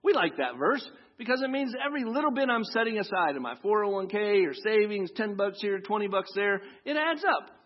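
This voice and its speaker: A man pastor preaching a sermon, talking in a conversational way and asking the congregation with tag questions, and reading scripture slowly. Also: high-pitched, sing-song, dull audio. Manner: reads scripture slowly and deliberately. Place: church sanctuary.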